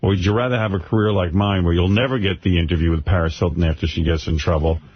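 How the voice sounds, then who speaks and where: A man's voice: low-pitched, steady tone, fast talker. A man hosting a radio show, talking in casual banter and ranting in a brash, boastful way. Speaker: radio host. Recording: dull lo-fi radio recording.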